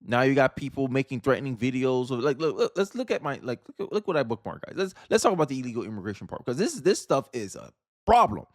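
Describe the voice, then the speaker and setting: A man's voice: mid-range voice, big pitch swings, fast talker, dry recording, studio quality. A man from Florida hosting casual political commentary, talking emphatically with slang and frequent restarts.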